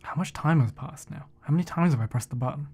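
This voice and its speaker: A man's voice: fairly high pitch, quick pace, warm tone, husky. A man casually commentating a game on a live stream, joking and chatting to himself and his viewers.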